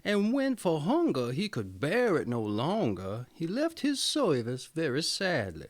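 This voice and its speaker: A man's voice: on the high side, huge pitch swings, unhurried. Playful man reading fairy tales aloud. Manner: playful, chuckles at his own slips. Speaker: storyteller. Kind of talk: casual fairy-tale read-aloud.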